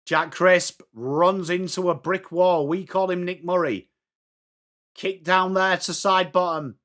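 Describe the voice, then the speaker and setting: An English man hosting a fan watchalong, chatting through the match as live fan commentary and breaking into shouts at big plays. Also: high voice, steady tone, takes it slowly. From England.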